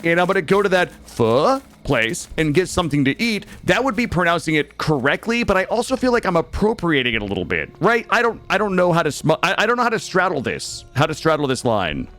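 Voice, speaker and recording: American man streaming games, lively voice. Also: fairly high pitch, fast talker, few pauses, soft background music. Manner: rambling, restarts sentences, talks to chat. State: has a cold. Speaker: game streamer. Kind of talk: casual gaming stream chat.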